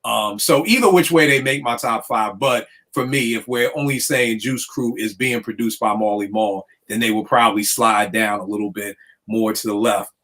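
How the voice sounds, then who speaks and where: A man's voice: on the low side, moderate pace, a bit bright. A man hosting a casual podcast discussion, talking in a loose, chatty way. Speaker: podcast host. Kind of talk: casual chat.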